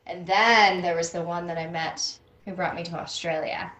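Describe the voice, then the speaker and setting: A woman's voice: fairly low pitch, normal speed. Chatty Canadian woman telling stories, echoey. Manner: animated, laughs often, quotes people in voices. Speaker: interview guest. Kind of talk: casual storytelling. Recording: roomy echo.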